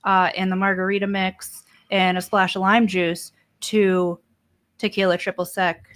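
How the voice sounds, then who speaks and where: A woman hosting a radio talk show who chats casually, reacts quickly and jokes openly. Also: medium pitch, little pitch movement, fairly bright tone. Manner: quick reactions, frank and joking.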